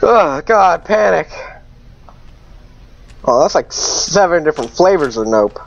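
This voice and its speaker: A man commentating a horror game, jumpy and swinging from muttering to panicked yelling, his voice cracking from screaming. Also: a little high, very animated, slow pace, gravelly, dull audio, slight background noise. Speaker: let's play gamer.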